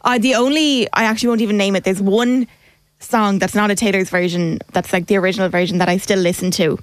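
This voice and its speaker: A woman's voice: mid-range voice, steady tone, fast, no echo. A woman co-hosting a radio show, chatty and enthusiastic. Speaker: radio co-host. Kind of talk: casual chat.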